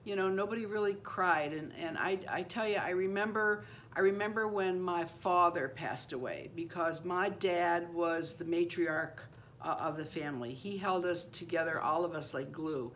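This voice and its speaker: A woman's voice: normal speed, a bit bright, a little hiss or hum. A woman in her seventies telling a personal story in a casual, rambling way, restarting and repeating phrases and acting out the voices of the people she quotes. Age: 70s. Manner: acts out quoted voices, rising high for a child. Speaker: channel host.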